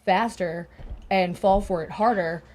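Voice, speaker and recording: A woman's voice: fairly low pitch, unhurried, a little mellow, slight background noise. A middle-aged woman on a casual panel chat, speaking candidly about her own experience.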